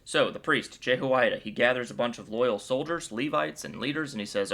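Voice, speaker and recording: A man's voice: medium pitch, brisk, gravelly, hardly any pauses, fairly bright tone. A man hosting a casual Bible commentary, upbeat and playful, cracking jokes as he retells the chapter. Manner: playful and joking; upbeat and enthusiastic. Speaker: Bible video host.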